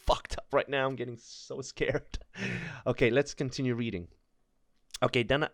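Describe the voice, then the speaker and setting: A man's voice: medium pitch, no room sound. A man reading creepy stories aloud, nervous and stumbling, breaking off to laugh and joke between passages. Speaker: storyteller reading online stories. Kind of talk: reading aloud with joking commentary.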